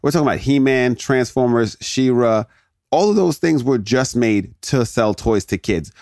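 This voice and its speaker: A man's voice: mid-range voice, moderate pace, darkish tone, dry recording, clean studio sound. A man in his thirties hosting a podcast, ranting casually and jokily, often interrupting himself. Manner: rambling, jokey, self-interrupting. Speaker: podcast host. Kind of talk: casual solo rant.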